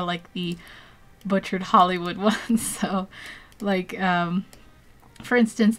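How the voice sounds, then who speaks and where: A woman with an American accent, an artist live-streaming as she draws, chatting casually and laughing often as she answers viewers. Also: mid-range voice. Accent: General American. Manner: giggly, laughs often between phrases; chatty, self-deprecating, reads and answers chat. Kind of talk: casual live-stream chat while drawing.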